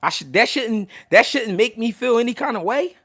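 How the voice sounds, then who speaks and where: A man's voice: extremely high pitch, animated, moderate pace, pushed and bright, dry recording, studio quality. A man hosting a livestream, talking heatedly to his chat, stammering and repeating words as he restarts. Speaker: livestream host answering chat. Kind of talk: emotional unscripted livestream talk.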